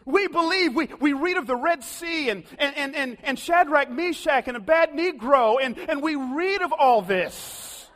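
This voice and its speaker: A man preaching a sermon, dramatic, swinging from loud calls down to hushed lows. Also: lively intonation, measured pace, few pauses. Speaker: pastor. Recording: long hall reverb.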